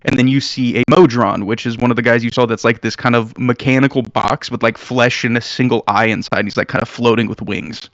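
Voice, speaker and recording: A man's voice: medium pitch, fairly even intonation, a little fast, hardly any pauses, a bit bright, no echo, muffled recording. A man narrating as game master in a casual, filler-heavy way.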